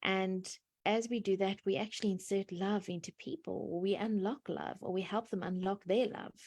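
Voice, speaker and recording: A woman's voice: mid-range voice, fairly even intonation, moderate pace, darkish tone. An older woman from South Africa with a South African accent, a guest chatting on a video call about her life and work. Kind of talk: casual video call chat.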